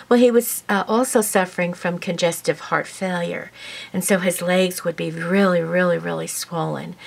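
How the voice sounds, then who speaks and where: A woman vlogger telling a heartfelt personal story to her viewers in a casual, rambling way, with many fillers and an emotional, sometimes tearful tone. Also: fairly low pitch. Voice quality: warm, emotional, tearful at times.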